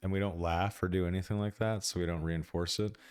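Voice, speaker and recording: Low-voiced jokey man hosting a game stream. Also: steady tone, brisk, darkish tone, smooth, no echo, studio quality. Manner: profane, jokey, laughs often. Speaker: game master and stream host. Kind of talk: casual pre-game chat.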